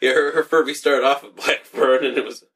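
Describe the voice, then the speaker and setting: A man's voice: medium pitch, fairly quick, slightly rough, recorded from a distance. A young man in casual profane banter, laughing often and telling stories with lots of swearing. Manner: laughing, swearing, animated storytelling.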